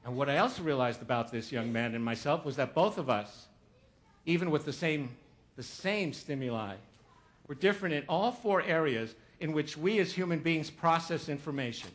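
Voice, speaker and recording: A man gives a motivational talk from a stage, spinning a funny story with jokes. His voice sits a little high for a man. He acts out what others said as he goes. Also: expressive, moderate pace. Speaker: motivational speaker. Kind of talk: humorous keynote talk.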